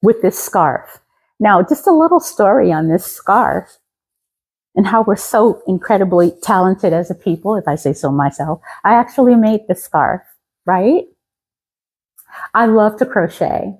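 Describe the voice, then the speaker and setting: A woman in her fifties from Louisiana, raised in Colorado, chatting enthusiastically as a fashion vlogger with the crisp diction of a trained singer, often repeating her phrases. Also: medium pitch, lively intonation, measured pace, darkish tone, poor audio. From Louisiana, raised in Colorado from seventeen. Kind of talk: casual outfit show-and-tell.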